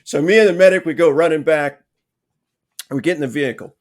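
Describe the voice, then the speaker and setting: A man on a podcast telling a long anecdote in a casual way, with lively, self-mocking humor and frequent "right?" asides. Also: fairly high pitch, brisk. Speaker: podcast guest.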